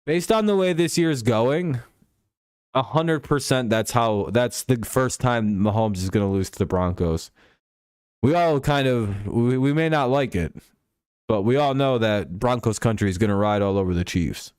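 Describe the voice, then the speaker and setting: A man's voice: mid-range voice, moderate pace, darkish tone, clean tone, dry recording, clean studio sound. A man hosting a casual football talk live stream, loose and joking, swearing freely as he signs off.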